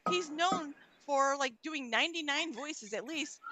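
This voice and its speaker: A woman's voice: high-pitched, a little slow, over loud music. A woman hosting a comedy show, introducing the next comedian with chatty, laughing remarks.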